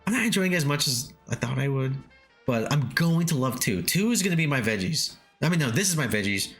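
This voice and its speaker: Laid-back, lively-voiced male streamer. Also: mid-range voice, fairly quick. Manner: laid-back, swears freely, chuckles often. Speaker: game streamer. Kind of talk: casual stream chat, reading chat aloud. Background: faint lofi background music.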